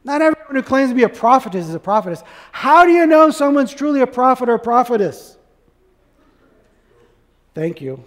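A man with a notably high voice delivers a sermon, pressing his listeners with rhetorical questions. His voice carries a long reverb, as if from a large church sanctuary. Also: big pitch swings, a little fast, long pauses. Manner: preaching with rhetorical questions to the congregation. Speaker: pastor.

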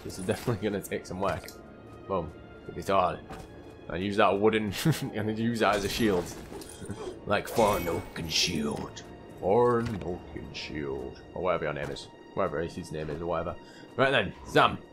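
Excitable young man, gameplay commentary. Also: low voice, a little fast, music in the background. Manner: excitable, chatty, keeps calling the viewers "lads" and "mate". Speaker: gaming channel host. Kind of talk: let's play gameplay commentary.

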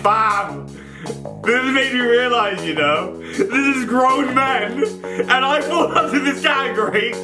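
A young man reacting loudly and excitably as a video host, with swearing outbursts. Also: very high-pitched, takes it slowly, over music. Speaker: YouTuber host. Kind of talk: pack opening reaction commentary.

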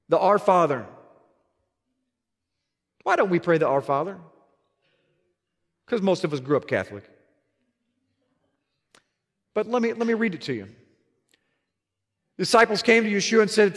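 A man's voice: high voice, lively intonation, moderate pace, long pauses, a bit bright, big-room sound. A man preaching a sermon as pastor, telling an earnest story with emphatic repetitions.

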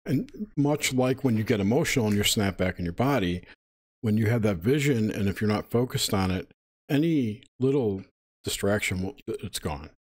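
A man with a fairly low voice speaks in a measured, hesitant way. He pauses to gather his thoughts as he explains. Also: lively intonation. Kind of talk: casual interview.

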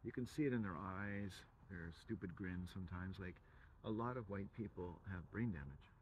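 Guy w a really low voice just riffing on word games n swearing, faint hiss behind. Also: moderate pace, muffled recording. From England. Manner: free-associating wordplay, profane, provocative. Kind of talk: rambling monologue.

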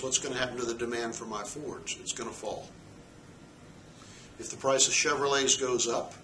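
Male economics teacher, bright voice, quizzing style, distant echoey room recording with faint noise. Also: medium pitch. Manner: asks the class rhetorical questions; checks in with "okay?". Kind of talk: recorded lecture.

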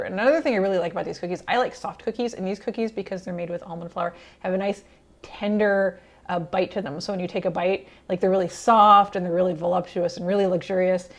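A woman hosting a cooking channel, talking casually and enthusiastically to camera with chatty fillers and small laughs. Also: medium pitch. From Italian heritage. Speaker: cooking show host.

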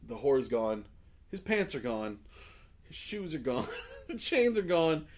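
A man, his voice pitched a little above the usual, chats casually on a podcast. He spins a long story, acts out each person in it and laughs often. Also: a little slow. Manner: animated, acts out quoted people, laughs often. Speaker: podcast co-host.

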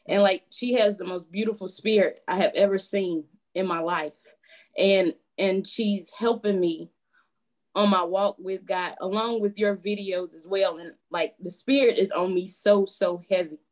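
A woman's voice: medium pitch, fairly even intonation, unhurried. A woman on a live call giving an earnest, grateful testimony, with nervous filler words. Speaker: caller sharing a testimony.

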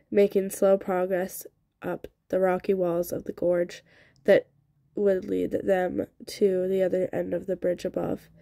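Woman hobby audiobook reader, low and mellow, trips over words, close dry sound. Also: no room sound. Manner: plain reading with frequent stumbles and restarts. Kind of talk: reading a novel aloud.

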